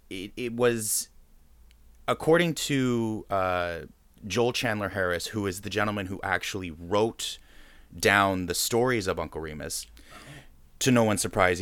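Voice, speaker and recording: A man hosting a casual discussion, talking thoughtfully and haltingly, with many pauses and fillers. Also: sits low, a bit bright, clear, resonant tone, dry recording.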